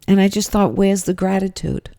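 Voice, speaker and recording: A woman's voice: medium pitch, normal speed, mellow, no echo, studio quality. A woman podcast host telling a story in a monologue, emphatic and exasperated.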